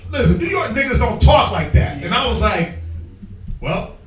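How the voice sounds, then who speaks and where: A man teaching from the Bible in an emphatic, slangy street style, prodding his reader with quick call-and-response. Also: very high voice, big pitch swings. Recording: echoey room, distant mic, faint music.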